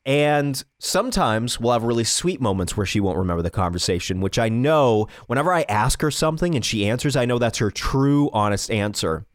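A man's voice: mid-range voice, lively intonation, brisk, hardly any pauses, dry recording, studio quality. A man co-hosting a podcast, telling a story in casual chat, swearing freely and acting out the dialogue. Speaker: podcast co-host.

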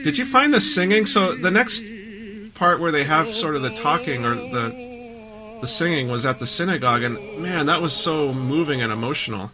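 A man's voice: fairly high pitch, expressive, normal speed, music in the background, low-quality recording. A man hosting a casual film discussion, thoughtful and repeating words as he gathers his thoughts.

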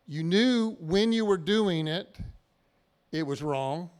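Male pastor, sermon in a church, conversational, ringing clear voice. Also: high voice, animated, takes it slowly. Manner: conversational, plain everyday examples.

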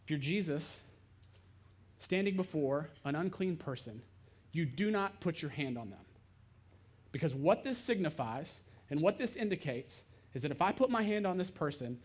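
High-voiced conversational preacher. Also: male voice. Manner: conversational, emphatic, acts out scenes. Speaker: pastor. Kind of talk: sermon.

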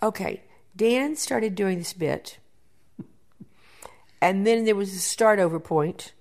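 A woman producer in an interview, telling backstage stories in a lively way and often repeating words as she thinks. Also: medium pitch, takes it slowly. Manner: animated storyteller, repeats words while thinking. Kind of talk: interview conversation.

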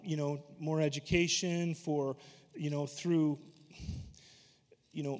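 A man preaching a sermon, animated and emphatic, slipping into voices when he retells scripture. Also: fairly high pitch. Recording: long hall reverb.

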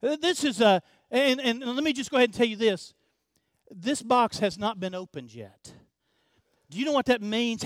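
A man's voice: very high voice, dry recording. A male pastor preaching a sermon, emphatic and repetitive, speaking directly to his congregation.

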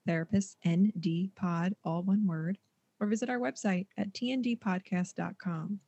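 A woman co-hosting a podcast, chatting with deadpan, playfully absurd humor and reading the outro. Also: mid-range voice, moderate pace, breathy edge, no room sound. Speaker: podcast co-host. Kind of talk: casual chat and show outro.

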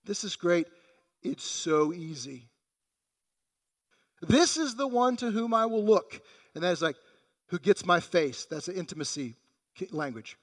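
A man's voice: high-pitched, lively intonation, a little slow, long pauses, fairly bright tone, big-room sound. A man preaching a sermon in a conversational way, acting out the quoted voices in the passage. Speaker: pastor.

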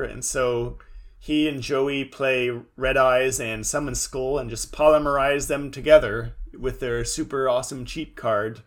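A man's voice: medium pitch, steady tone, measured pace, a bit bright. A young man co-hosting a podcast, recapping a show with dry, sarcastic quips. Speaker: podcast co-host. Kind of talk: casual chat recapping a show.

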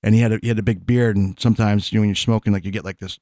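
A man's voice: on the low side, fairly even intonation, racing, mellow, dry recording, clean studio sound. A man in casual chat, telling long rambling stories full of fillers and restarts, laughing as he goes. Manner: rambling storyteller, many fillers and restarts, laughs mid-sentence.

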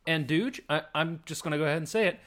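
A man's voice: fairly high pitch, fast, a bit bright. A man hosting a podcast and chatting with friends, steering the talk and joking in a dry way. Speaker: podcast host. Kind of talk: casual chat among friends.

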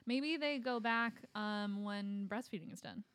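A woman's voice: medium pitch, a little slow, fairly bright tone, no room sound. A woman co-hosting a podcast in casual chat, playful and riffing with voiced asides. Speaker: podcast co-host.

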